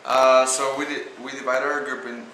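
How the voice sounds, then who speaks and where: Brief: young male acting student, eager stumbling chat, bright tone, roomy echo. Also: mid-range voice, little pitch movement, moderate pace. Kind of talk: casual chat. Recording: echoey room with faint noise.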